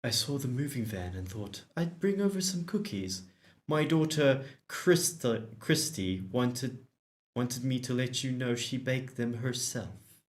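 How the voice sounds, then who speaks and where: Man voicing a clean-cut pastor dad, game neighbor, polite, mild, slow and unhurried. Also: mid-range voice, lively intonation, lightly acted.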